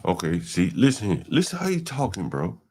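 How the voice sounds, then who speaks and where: A man's voice: lowish voice, sing-song, fairly quick, a little mellow, breathy edge. A man hosting a livestream, giving blunt, slangy reaction commentary and talking back at clips. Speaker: livestream host.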